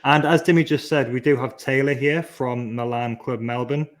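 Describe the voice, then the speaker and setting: A man's voice: mid-range voice, steady tone, moderate pace. Friendly, joking podcast host man. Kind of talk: casual podcast hosting.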